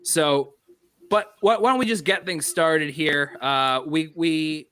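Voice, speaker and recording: A man hosts a relaxed movie podcast in a fairly high voice, talking a lot and steering the conversation. His speech comes through dry, with little room sound. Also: takes it slowly, clear, resonant tone, no room sound. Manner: talkative, leads the conversation, frequent restarts. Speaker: podcast host. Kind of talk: casual movie discussion podcast.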